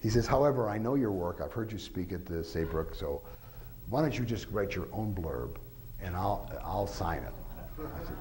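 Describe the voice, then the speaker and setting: A man's voice: low-pitched, lively intonation, moderate pace, darkish tone, slight background noise, poor audio. A man, an author, giving an informal talk to an audience, rambling through anecdotes with lots of filler phrases and acting out quoted voices.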